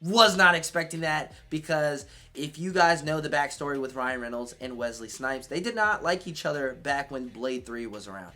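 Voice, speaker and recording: A man giving a casual, excitable movie review, swearing freely as he reacts. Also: medium pitch.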